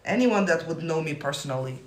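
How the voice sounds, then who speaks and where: Man, manifestation coach, live stream, swearing and yelling, roomy echo. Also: fairly high pitch, expressive, brisk. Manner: profane, emphatic, yelling. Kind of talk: live-stream talk answering viewer comments.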